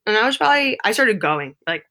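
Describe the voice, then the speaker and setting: A woman in her thirties, a guest telling a lively, dramatic story in casual conversation and acting out the quotes. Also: mid-range voice, fast talker.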